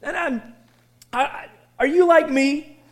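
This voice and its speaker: A man preaching a sermon in a church, animated and conversational, often breaking into excited shouting and asking the congregation questions. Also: very high voice, measured pace. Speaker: pastor. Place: church sanctuary.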